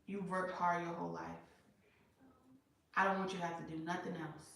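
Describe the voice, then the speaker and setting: A woman voicing a doting lover who proposes in a soft, hushed, coaxing way. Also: lowish voice, little pitch movement, moderate pace, vocal fry, voice pushed down. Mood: tender, coaxing. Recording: echoey room, far from mic.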